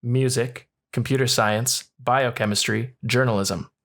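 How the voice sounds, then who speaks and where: A man's voice: mid-range voice, steady tone, unhurried, a bit bright. A young man co-hosting a podcast from home over a voice call, reading quiz questions and chatting loosely with casual swearing. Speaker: podcast co-host. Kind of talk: casual chat, quiz host. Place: home room, remote call. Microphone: voice call over internet.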